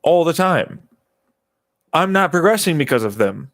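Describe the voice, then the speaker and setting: A man's voice: fairly high pitch, sing-song, unhurried, no echo. A man venting in a rambling, agitated personal monologue, swearing often and circling back over the same points. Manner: agitated, profane, repeating himself. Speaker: vlogger.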